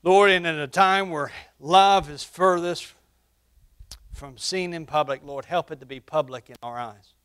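A man preaching a sermon through a face mask, surging into loud, emphatic peaks and then dropping to hushed, low passages. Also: measured pace, smooth. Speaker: pastor. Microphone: wearing a face mask while preaching.

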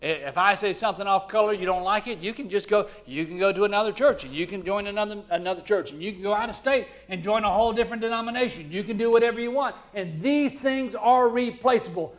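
Southern preacher guy from alabama, high voice, goes loud then drops real quiet. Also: quick pace, hardly any pauses. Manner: swings between loud preaching and hushed, low asides. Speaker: pastor. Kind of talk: sermon.

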